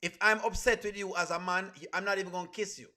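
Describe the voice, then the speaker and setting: A man with a Jamaican accent giving lively live reaction commentary, mixing patois into his English. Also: sits high, quick pace. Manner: animated, mixes patois with standard English. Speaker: reaction streamer.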